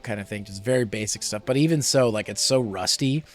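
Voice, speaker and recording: A man's voice: on the low side, a little fast, soft background music. A young adult man streaming a game, chatting casually and rambling with many fillers.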